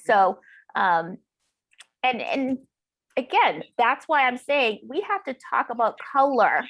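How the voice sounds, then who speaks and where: An American woman author in a conversational interview, animated and laughing, quoting others in mocking voices. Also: a little high, slow. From United States. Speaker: author guest.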